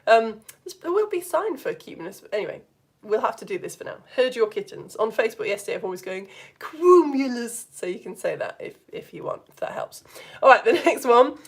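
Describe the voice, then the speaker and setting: A woman with a Yorkshire accent teaching a live science lesson for all ages, lively and playful, slipping into silly voices for the actions. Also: a little high, fast, slightly rough. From Yorkshire, England.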